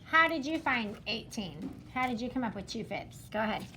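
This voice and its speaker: Bright high-voiced woman teacher. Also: animated, moderate pace, a little hiss or hum. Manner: upbeat, repeats students' answers back. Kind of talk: classroom math lesson. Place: classroom with students.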